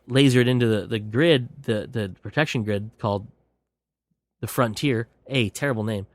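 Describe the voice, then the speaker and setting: A man's voice: medium pitch, normal speed, dry recording. Rambling, profane man recapping a movie. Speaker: podcast host.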